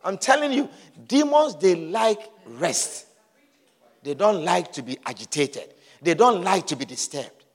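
A man preaching a sermon with emphatic repetition and sudden shouted lines. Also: high voice, big pitch swings, a little slow, in a large hall. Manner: emphatic, repeats phrases, bursts into shouts.

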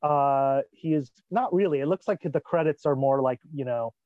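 A man co-hosting a casual podcast chat, talking in a halting way with many restarts. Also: a little high, no echo. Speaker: podcast co-host. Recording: dull lo-fi sound.

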